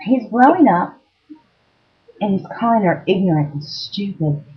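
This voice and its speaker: A woman telling a story to camera in a casual, blunt way, swearing freely and filling pauses with ums. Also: mid-range voice, expressive, dull audio. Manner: blunt, profane, lots of ums. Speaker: vlogger giving dating advice.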